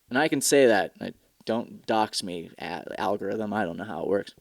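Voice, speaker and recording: A man's voice: on the low side, animated, normal speed, gravelly, dry recording, studio quality. A tired young man hosting a casual solo podcast, ranting in a profane, sarcastic, rambling way. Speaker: podcast host.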